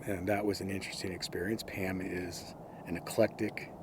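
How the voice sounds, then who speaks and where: In a relaxed storytelling interview, a San Francisco man in his sixties who once worked as a record executive shares anecdotes and frequently quotes others. He has a deep, level voice at a moderate pace, heard over a noisy background.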